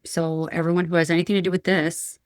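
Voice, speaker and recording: A woman's voice: lowish voice, flat delivery, quick pace, dry recording, studio quality. A woman in her thirties, a podcast guest, telling a painful personal story candidly, frank and emotional with many restarts.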